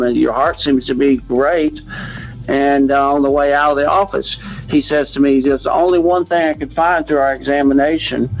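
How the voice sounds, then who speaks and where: A man guest on a podcast telling a personal story in a plain-spoken way. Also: mid-range voice. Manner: plain-spoken, acts out quoted doctors. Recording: dull lo-fi sound with faint music.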